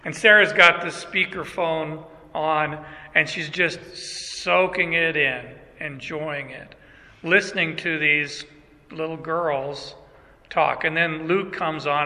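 A man's voice: on the high side, slow, sharp tone. An older man preaching a sermon in a church, casual and joking, talking directly to his congregation. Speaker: pastor. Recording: long church reverb.

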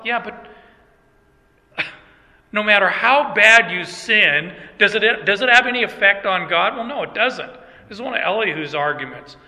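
High, bright-voiced older male pastor preaching. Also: animated, moderate pace. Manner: conversational, joking preaching with asides to the congregation. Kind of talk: sermon. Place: church. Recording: long church reverb.

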